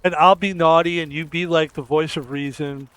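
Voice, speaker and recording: A man's voice: on the high side, steady tone, normal speed, a bit bright, smooth, no room sound. Crude joking male game streamer. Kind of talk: casual gameplay commentary.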